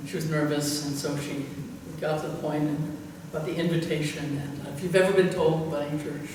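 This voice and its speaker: A woman's voice: low voice, flat delivery, moderate pace, darkish tone. Older woman pastor, echoey and distant. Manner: chuckling, rambling, full of fillers. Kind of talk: anecdotal storytelling in conversation. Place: church hall. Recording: echoey hall from far off with faint noise.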